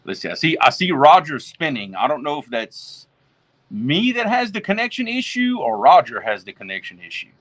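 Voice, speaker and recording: A man's voice: fairly high pitch, very animated, moderate pace, fairly bright tone. A man from Louisiana with a Southern accent, hosting a casual fishing livestream and talking viewers through each step in a folksy way. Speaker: fishing show host.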